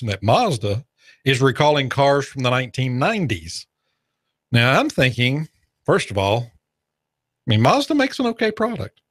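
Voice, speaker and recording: Rambling radio host, mid pitch, dry studio voice, sardonic. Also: male voice, a bit bright, no room sound. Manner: sarcastic, rambling, joking asides. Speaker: radio talk show host. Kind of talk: talk radio monologue.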